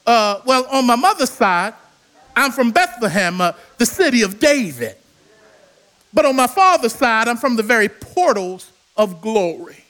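A man voicing the twelve-year-old Jesus, who answers his elders with measured, proclaiming confidence. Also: extremely high pitch, very animated, fairly bright tone, exaggerated voice. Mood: serenely confident.

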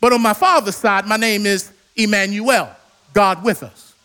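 A man voicing the twelve-year-old Jesus, who answers his elders with measured, proclaiming confidence. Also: sits high, steady tone, pushed and bright. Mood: serenely confident.

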